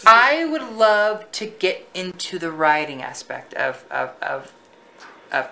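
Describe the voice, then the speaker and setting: A young man with a naturally high-pitched voice, chatting as an actor guest on a talk show, giggling and stammering with repeated words. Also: big pitch swings, takes it slowly, vocal fry, pushed and bright, low-quality recording.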